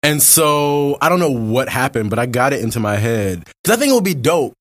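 A young man hosting a podcast, loud and expressive, chatting casually and telling stories between impressions. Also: medium pitch, fairly quick. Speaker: podcast host. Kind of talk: casual chat and storytelling.

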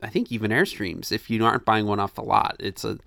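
A man co-hosting a casual chat, relaxed and rambling, with many fillers. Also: fairly low pitch, a little fast, gravelly, dry recording, studio quality. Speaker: podcast co-host.

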